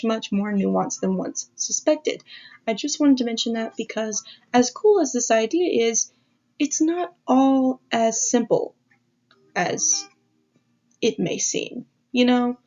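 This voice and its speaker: A woman's voice: a little high, darkish tone. Woman, video essay host, rambling, self-aware, swears, lo-fi muffled audio. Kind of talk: casual explainer over slides. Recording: dull lo-fi audio.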